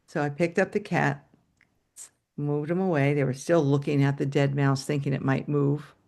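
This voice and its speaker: A woman's voice: low voice, gravelly. A woman telling a story to an audience over a video call, acting out the scenes as she goes. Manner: animated, acts out scenes with shouted quotes.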